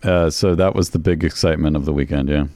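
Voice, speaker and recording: A man's voice: a bass voice, steady tone, fast, dark tone, no echo, studio quality. A man co-hosting a casual podcast, talking in a rambling, hesitant way full of restarts. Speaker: podcast co-host. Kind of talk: casual chat.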